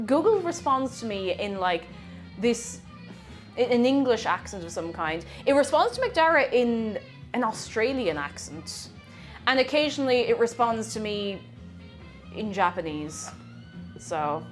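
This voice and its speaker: A woman streamer chatting casually with her viewers while she bakes. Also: a little high. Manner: chatty, reading out viewer messages. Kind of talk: casual chat while baking.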